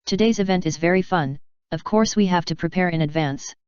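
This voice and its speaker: A woman voicing a flustered, hot-tempered young woman wizard in an even, flat read. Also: lowish voice, fairly quick, smooth, no echo, highs cut off, close to an everyday voice.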